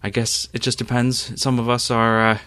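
A man's voice: on the low side, measured pace, creaky, a bit bright, dry recording. A man voicing a haughty young female Jedi initiate who boasts and needles. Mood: smug. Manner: snide, boastful.

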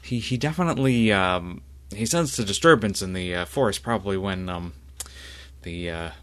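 A man's voice: deep voice, moderate pace, clean tone, lightly acted. A man voicing a friendly young male student pilot in a tabletop game, hesitant and full of fillers.

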